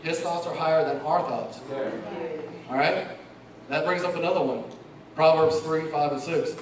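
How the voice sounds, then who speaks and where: A man's voice: a little high, fairly even intonation, moderate pace, long pauses, a little hiss or hum. Earnest man preaching in an echoey church. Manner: emotional, earnest, laughs between lines. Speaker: lay preacher. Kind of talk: church testimony. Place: church sanctuary. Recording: echoey hall, mic far off.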